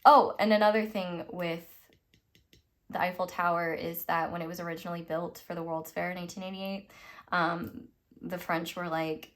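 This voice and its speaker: A woman's voice: on the low side, fairly even intonation, normal speed, fairly bright tone. A young woman from the United States giving a casual, rambling tarot reading, full of fillers and little laughs. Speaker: tarot reader.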